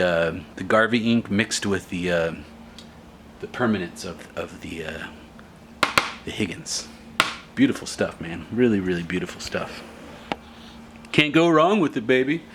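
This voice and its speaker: A laid-back man talks through a casual demo video with slang and jokes. His pitch sits mid-range. Clear background noise fills the warehouse around him. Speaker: art supply shop demonstrator.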